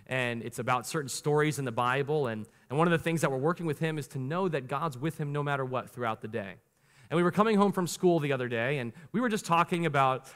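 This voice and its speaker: A pastor in his thirties, his voice a little high for a man, preaches an animated sermon in a church sanctuary. He swings between slow, weighty, emphatic lines and quick casual asides, and a long church-hall reverb trails every word.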